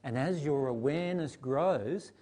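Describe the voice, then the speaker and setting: A man's voice: on the high side, a little slow, mellow. A man leading a live Q&A session, teaching in a conversational way and often checking in with the audience. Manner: conversational, asks the audience questions.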